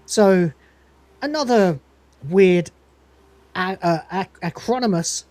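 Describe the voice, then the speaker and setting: A man's voice: sits high, slow, darkish tone, no room sound. A man hosting a podcast, recapping an episode in a rambling, casual way and acting out the lines. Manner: rambling, laughs often, acts out quotes. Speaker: podcast host.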